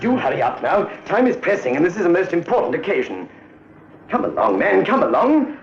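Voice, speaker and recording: A pompous colonial governor, fussy and upper-class, in a 1950s British film comedy. His pitch rises and falls a great deal. The sound is roomy and dull, like an old film soundtrack. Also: big pitch swings, fairly quick, loud music behind the voice. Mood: flustered.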